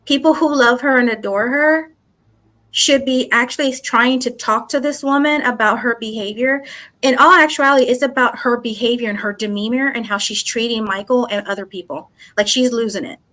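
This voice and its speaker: A woman with a bright, forceful, fairly high voice tells her story to an interviewer. She talks animatedly, acting out what others said in quoted bits and swearing freely. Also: moderate pace. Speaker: psychic guest. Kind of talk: casual interview.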